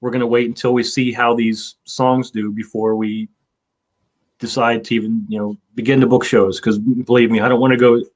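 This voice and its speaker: A man's voice: medium pitch, level tone, normal speed. A man in his fifties, hosting a casual chat, rambling with lots of fillers and swearing. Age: 50s. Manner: rambling, profane, with many fillers. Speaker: show host.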